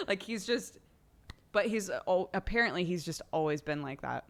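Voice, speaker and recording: A woman's voice: on the low side, normal speed, a bit bright. A young woman hosting a livestream in casual chat. She says "like" constantly and breaks into laughter often. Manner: chatty, laughs often, heavy use of "like". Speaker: livestream host.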